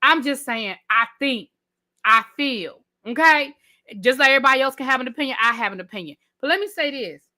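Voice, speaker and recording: A woman with a high, bright, sharp-edged voice talks straight to her live audience, ranting about a TV reunion episode. She is chatty and emphatic, with slang like "child" and "honey", and her pitch and volume swing up and down as she makes her points. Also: expressive, fairly quick. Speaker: YouTube TV reviewer, live stream host. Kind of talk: casual live-stream rant, greeting chat viewers.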